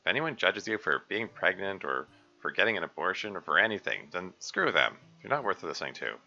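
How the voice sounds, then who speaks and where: A man's voice: sits low, sing-song, fairly quick, gravelly, bright, forceful tone, dull audio, soft background music, exaggerated voice. A man voicing a blunt, feisty young girl, speaking in a blunt, firm way.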